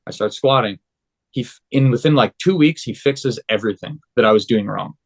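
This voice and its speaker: A young man appears as a podcast guest, casually recounting his story and animatedly acting out what the people in it said. His voice is medium-pitched and a little fast.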